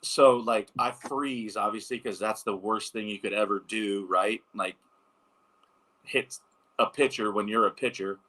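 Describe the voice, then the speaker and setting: A man in his thirties, a former ballplayer, telling lively anecdotes in a casual interview, with lots of filler words. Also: fairly low pitch, measured pace. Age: 30s. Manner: animated anecdotes, many fillers. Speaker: former pro baseball pitcher, guest.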